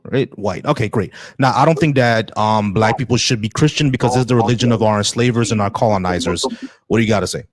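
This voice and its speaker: A man hosting a live call-in debate stream, blunt and halting, often repeating words as he restarts. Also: fairly low pitch, no room sound.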